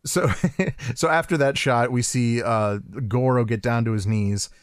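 A man co-hosting a podcast talks in a loose, animated way. He laughs often and restarts his sentences. His voice sits at a middling pitch and is recorded close and dry, with no room sound. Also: unhurried, clear, resonant tone, no echo. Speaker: podcast co-host. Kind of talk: casual chat.

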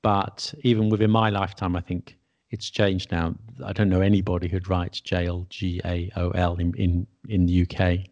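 A man's voice: low-pitched, level tone, normal speed, a little mellow, lo-fi sound. A British man in casual educational chat, explaining things wryly and spelling words out letter by letter. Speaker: podcast co-host explaining spelling.

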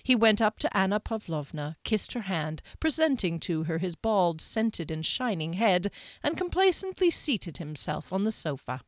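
A woman narrating an audiobook in a measured, expressive way. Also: on the low side, no echo, clean studio sound. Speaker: audiobook reader.

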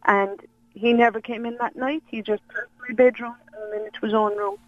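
A woman with an Irish accent calling in to a radio show, telling a story hesitantly with many pauses. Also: fairly high pitch, steady tone, no echo. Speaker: caller. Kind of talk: phone-in storytelling. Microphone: phone line. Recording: muffled phone line.

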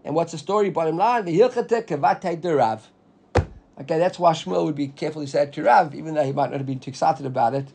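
A man's voice: a little high, quick pace, creaky, slight background noise. A man teaching a Talmud class, explaining step by step and checking in with "right?". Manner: animated, explaining with frequent "right?".

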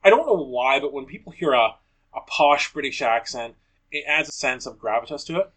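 A man's voice: mid-range voice, animated, fairly quick, fairly bright tone. A man co-hosting a podcast in casual chat, thoughtful and explanatory, often agreeing. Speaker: podcast co-host.

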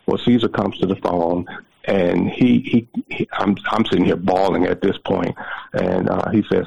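Deep gravelly man on a muffled line. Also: fairly even intonation, normal speed, darkish tone, a little hiss or hum. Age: 40s. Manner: emotional, repeats words, preacherly near the end. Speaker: guest. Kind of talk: telling a personal story on a call-in show.

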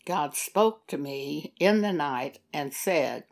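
A woman preaching a sermon in a slow, measured teaching manner. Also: sits low, expressive. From Texas.

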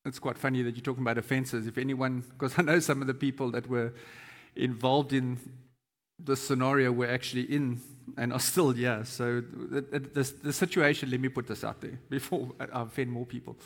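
A man in his forties preaches in a relaxed, conversational way, often stumbling over restarts and filling pauses with "um." His voice is pitched at an ordinary middle register. A long church-hall reverb trails every phrase. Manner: conversational, hesitant with many fillers and restarts. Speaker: pastor. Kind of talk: sermon.

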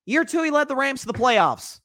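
A man hosting a casual solo sports podcast, talking in an animated, rambling way with many restarts. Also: extremely high pitch, a little fast, no room sound, studio quality. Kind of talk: casual solo sports commentary reading live comments.

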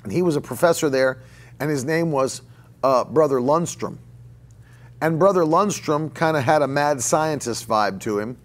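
Conversational preaching man, slightly high voice. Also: lively intonation, normal speed. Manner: conversational preaching with repetitions and restarts. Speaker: pastor. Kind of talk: sermon. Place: church.

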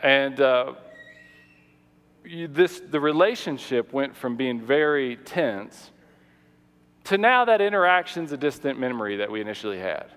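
A man preaching a sermon, telling a personal story in an animated way, often repeating words and acting out what people said. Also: medium pitch, measured pace, long reverb tail. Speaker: pastor.

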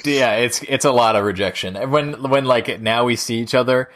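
A man co-hosting a movie podcast in casual chat, jokey and quick to laugh. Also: medium pitch, fairly bright tone, a little hiss or hum. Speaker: podcast co-host.

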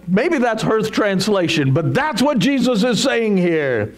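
A male pastor delivers his sermon in an emphatic, animated way. His voice sits a little high for a man and rises and falls widely as he asks rhetorical questions of his listeners. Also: a little slow, hardly any pauses.

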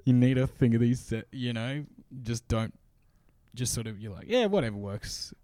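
Aussie comic, young, chatty, sweary storyteller, dry close sound. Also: male voice, mid-range voice, flat delivery, normal speed, warm tone, no room sound. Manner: swearing, laughing anecdotes, acts out voices. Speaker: comedian podcast host. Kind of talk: casual chat, storytelling.

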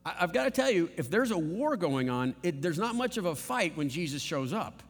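A male pastor delivering a sermon in an animated, conversational way, full of rhetorical questions. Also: fairly high pitch, fairly quick. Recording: long reverb of a large hall.

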